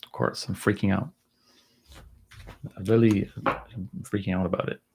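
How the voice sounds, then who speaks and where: Deep, gravelly-voiced man chatting casually. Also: moderate pace, background noise. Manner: loose, relaxed talk full of "like" and "you know". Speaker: livestream host answering viewer questions. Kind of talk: casual livestream chat.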